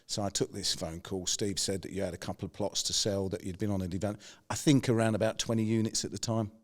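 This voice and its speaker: A man middle-aged podcast host, fairly low voice, brisk storyteller who plays out the people in his anecdotes. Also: little pitch movement. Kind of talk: conversational anecdote.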